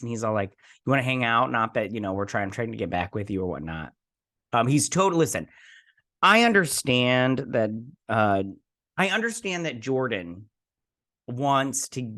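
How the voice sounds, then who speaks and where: A man hosting a casual episode recap, chatty and animated, slipping into playful voices as he retells scenes. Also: medium pitch, normal speed. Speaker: host.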